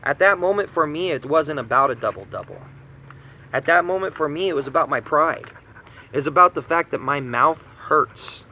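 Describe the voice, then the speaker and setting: A man in his thirties rants with indignant, profane force, repeating his points for emphasis. His voice is gravelly and bright, sitting a little high, with a faint hiss of noise behind him. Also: lively intonation, moderate pace, low-quality recording. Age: 30s. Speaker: vlogger ranting. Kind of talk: angry personal rant.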